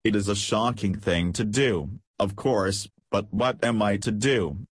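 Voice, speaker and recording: A man's voice: lowish voice, measured pace, breathy edge, dry recording. Scheming aristocratic lady, light and insinuating, voiced by a man, dry close sound. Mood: silky. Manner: light, falsely sweet and insinuating.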